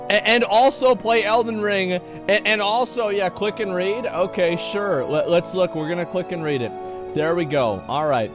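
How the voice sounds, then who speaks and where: A male streamer giving live reaction commentary, blunt and profane, who stumbles over and repeats words when worked up. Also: high-pitched. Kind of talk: live reaction commentary, reading posts aloud.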